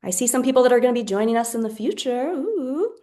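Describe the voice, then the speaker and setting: A woman's voice: a little high, steady tone, rapid-fire, mellow. A woman moderating an online poetry gathering, thanking people in a chatty way with frequent fillers, on a video call. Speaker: host and moderator. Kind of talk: casual online wrap-up.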